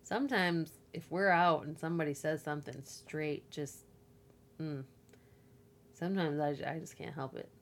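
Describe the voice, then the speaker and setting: A woman in her thirties co-hosts a casual podcast and tells stories in an animated way. She slips into other people's voices when she quotes them. Her voice sits a little low for a woman. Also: moderate pace, a little hiss or hum. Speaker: podcast co-host. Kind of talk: casual chat.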